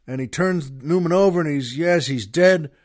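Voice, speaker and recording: A man's voice: a little high, moderate pace. Enthusiastic male podcast host retelling a film. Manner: enthusiastic, rambling retelling with restarts, addresses listeners as folks. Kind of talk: casual storytelling monologue.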